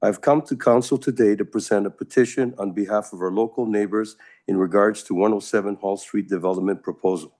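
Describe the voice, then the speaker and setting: A man's voice: lowish voice, fairly even intonation, a little fast, a little mellow. A man presenting a petition to city council in a formal, prepared manner. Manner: formal, reading a prepared text. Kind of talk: formal public address.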